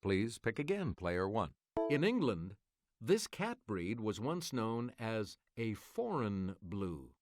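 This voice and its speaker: A man hosting a quiz show, reading clues in a measured, crisp way and calling on the player to choose again. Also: lowish voice, very animated.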